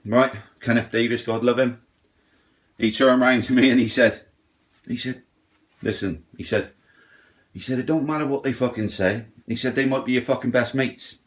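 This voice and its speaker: A middle-aged man, ranting bluntly and swearing, mocking others in put-on voices. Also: medium pitch. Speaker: ranting vlogger. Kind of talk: profane rant.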